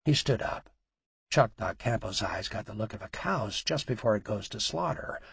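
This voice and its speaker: A man narrating an audiobook with a raspy, gravelly voice. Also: fairly low pitch, expressive, normal speed, fairly bright tone, no echo.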